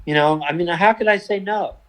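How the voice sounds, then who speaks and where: An older actor speaks in a slightly high voice. He answers with thoughtful, wry understatement, pausing and restarting as he gathers his words. His tone stays relaxed and conversational. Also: rough recording. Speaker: actor guest.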